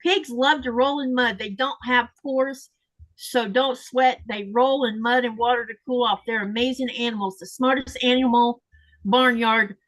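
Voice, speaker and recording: A woman with a somewhat high voice hosts a casual sewing live stream. She tells rambling home stories and reads out viewer comments in an easy, chatty way. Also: steady tone, normal speed, fairly bright tone. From Florida. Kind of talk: casual chat while sewing.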